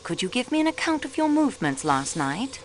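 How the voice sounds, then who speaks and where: An actress playing a young railway clerk questioning suspects in a murder mystery game, probing and coolly observant. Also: female voice, on the high side, very animated, a little fast, slight background noise, low-quality recording. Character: sharp young female railway clerk acting as detective.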